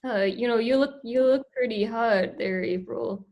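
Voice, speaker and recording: Deadpan ventriloquist alligator puppet, low-key and slow, played by a woman. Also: highs cut off. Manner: deadpan, flat and hesitant.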